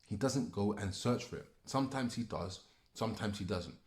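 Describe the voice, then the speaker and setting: Deep, echoing voice in a small room: a man giving an angry, repetitive football rant, swearing freely as the words pile up in his throat. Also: normal speed, darkish tone. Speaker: football fan commentator. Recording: echoey room.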